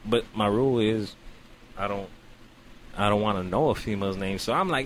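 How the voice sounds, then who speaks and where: A man co-hosting a casual talk show, telling a story in an animated, profane way and acting out his own reactions. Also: mid-range voice, normal speed, pauses often, slight background noise. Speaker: podcast co-host.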